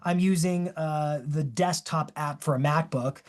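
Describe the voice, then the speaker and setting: A man presenting a live webinar, talking in an energetic, enthusiastic and demonstrative way. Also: a little high, measured pace.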